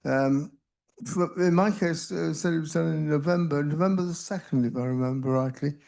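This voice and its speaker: Gravelly older man, self-deprecating rambler. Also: on the high side, normal speed, darkish tone. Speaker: panelist, researcher with Parkinson's. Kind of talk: casual anecdotal talk. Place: conference hall.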